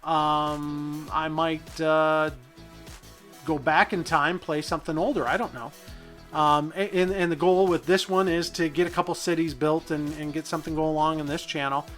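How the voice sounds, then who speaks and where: A man's voice: on the high side, fairly even intonation, normal speed, fairly bright tone, faint music behind. A man hosting a city-building gameplay video, rambling and thinking aloud in a goofy, self-deprecating way. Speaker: gaming channel host.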